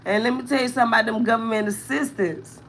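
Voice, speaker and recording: A woman in her thirties, chatting on a live stream with a bright, forceful tone and a fairly high voice. She vents candidly about her struggles, stops to thank commenters, and comes close to tears at times. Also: steady tone, quick pace, slight background noise. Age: 30s. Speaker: vlogger, mother of four. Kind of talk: emotional live-stream chat with viewers.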